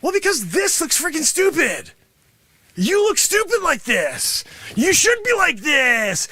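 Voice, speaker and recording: Guy doing a loud cocky kung fu teacher, high bright voice, yells at his class nonstop. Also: huge pitch swings, unhurried, dry recording, exaggerated voice. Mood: boastful. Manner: boastful, berating, yelling at students. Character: brash greedy male martial arts sensei. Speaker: improv comedian. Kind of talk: improvised comedy character monologue.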